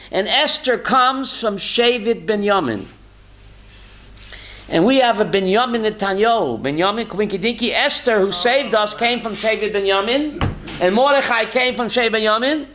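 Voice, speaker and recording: Rabbi guy giving a class, fires questions at people by name, jokey, high-pitched. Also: expressive, normal speed, sharp tone. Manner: quizzes listeners by name with questions; folksy, jokey asides. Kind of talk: Torah class teaching.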